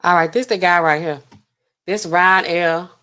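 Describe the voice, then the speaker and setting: A woman's voice: on the low side, steady tone, measured pace, bright, forceful tone, clear, resonant tone. A woman hosting a casual livestream as a pharmacist, chatting with her viewers in a sassy, incredulous way. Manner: chatty, sassy, talks to chat, laughs incredulously.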